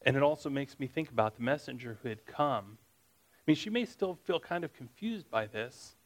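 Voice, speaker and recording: A man leading a Bible study in an easy, conversational way. He reads passages aloud, then breaks them down with casual asides and questions for his listeners. His voice sits at an ordinary, mid-range pitch. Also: animated, normal speed, poor audio. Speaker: Bible teacher.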